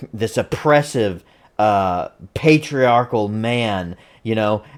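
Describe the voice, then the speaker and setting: A man giving casual spoken commentary on a movie trailer, rambling and hedging with many fillers and restarts, his voice rising higher and louder when he makes a point. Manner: rises in pitch and loudness when emphatic.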